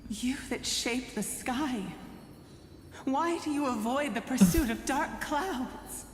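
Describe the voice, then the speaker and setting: A woman's voice: high voice, slow, a little hiss or hum. A woman voicing a solemn female priestess of the rain folk in a game, speaking in a grave, ceremonial way. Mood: pleading. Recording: roomy echo with long reverb.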